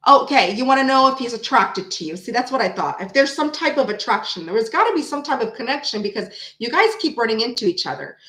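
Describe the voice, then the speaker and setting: A woman's voice: a little high, a bit bright, echoey room. Brash, chatty woman tarot reader. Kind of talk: live-stream tarot reading with chat.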